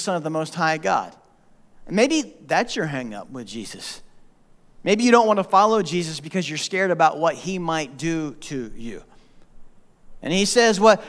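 A man preaching a sermon as pastor, animated and joking as he tells the story. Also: high voice. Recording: long hall reverb.

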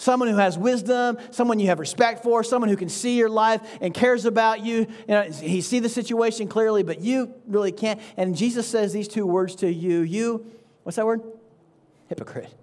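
A man with a notably high voice preaches a sermon in an easygoing, conversational way. He keeps checking in with his listeners with a quick "right?" and lets small chuckles slip between his points. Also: a little mellow. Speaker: pastor.

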